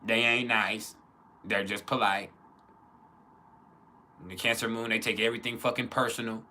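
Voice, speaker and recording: Man on an astrology vlog: low, bright, forceful voice, crude humor, laughs a lot. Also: flat delivery, normal speed. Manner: profane, joking, laughs often; acts out quotes in other voices. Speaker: astrology teacher. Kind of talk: casual monologue on astrology.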